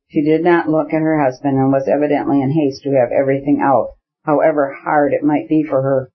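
Man narrating a classic novel, lo-fi. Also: fairly high pitch. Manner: measured, even reading. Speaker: audiobook narrator. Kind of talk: scripted narration. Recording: dull lo-fi audiobook recording.

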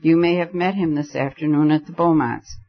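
A man voicing a calm, commanding gentleman who gives orders in a story reading. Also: fairly high pitch, fairly quick, lo-fi sound.

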